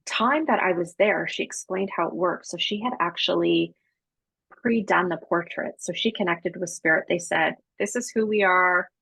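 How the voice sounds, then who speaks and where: Woman guest, raspy gravelly voice, dry close sound, animated casual storyteller. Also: lowish voice, moderate pace, no echo, low-quality recording. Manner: animated, chatty, slangy, acts out dialogue. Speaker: podcast guest, psychic medium.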